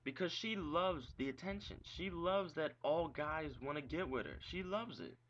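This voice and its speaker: A young adult man rants angrily about his ex-girlfriend in a profane, rambling vlog monologue, full of "like" and rhetorical questions. His voice is a little high, expressive and fairly bright, at normal speed. The webcam audio sounds dull and lo-fi, with a faint hiss.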